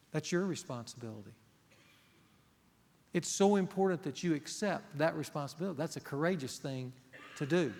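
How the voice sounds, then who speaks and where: A middle-aged male pastor preaching a sermon, earnest and emphatic, putting rhetorical questions to the congregation. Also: on the high side. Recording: long hall reverb.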